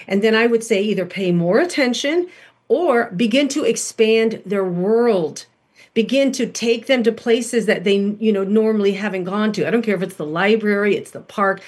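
Breathy mother telling parenting stories. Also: mid-range voice. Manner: animated, acts out her children's voices. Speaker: parenting panel speaker. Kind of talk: storytelling parenting advice.

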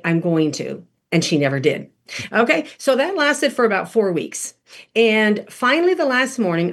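A middle-aged woman with a husky, slightly breathy voice tells a parenting story on a podcast. She talks in an animated way, jumping up in pitch to act out the quotes, at a middle pitch. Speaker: podcast guest speaker on parenting. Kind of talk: storytelling talk.

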